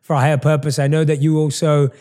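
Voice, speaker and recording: Man, London accent, interviewer, fairly high voice, effusive, repeats words. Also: flat delivery, quick pace, warm tone. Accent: London English. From London, England. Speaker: interviewer host. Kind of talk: interview conversation.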